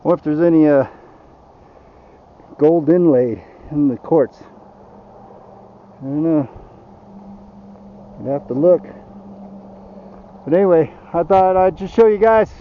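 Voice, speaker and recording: A man's voice: fairly high pitch, slow, long pauses, phone-quality sound, slight background noise. An older man rambling in a folksy way, chatting casually to his viewers on a road-trip vlog. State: out of breath. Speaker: van-life vlogger. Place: outdoors in the mountains.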